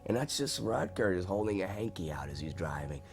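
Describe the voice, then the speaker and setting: Very low-voiced man, animated storyteller. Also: brisk, vocal fry. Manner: animated storyteller who acts out quotes. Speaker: actor recalling a film shoot. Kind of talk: documentary interview.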